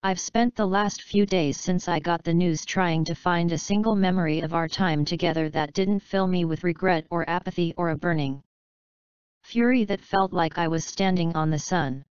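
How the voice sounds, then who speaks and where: A woman's voice: fairly low pitch, moderate pace, clear, resonant tone, no echo, highs cut off, close to an everyday voice. A woman reading the part of a bitter ex-wife venting bluntly and scornfully at a funeral.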